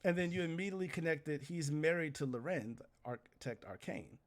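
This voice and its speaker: A man's voice: fairly high pitch, expressive, fairly quick. A man running a tabletop role-playing game as game master, narrating scenes in a loose, conversational way.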